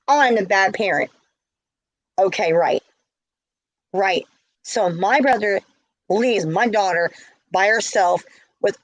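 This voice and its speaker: A woman's voice: mid-range voice, no echo, low-quality recording. A middle-aged woman telling a story in a casual vlog, heated and indignant. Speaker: vlogger.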